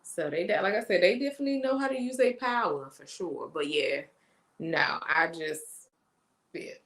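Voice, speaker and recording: A woman co-host in casual chat, telling a story with lively quoted voices. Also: lowish voice, normal speed.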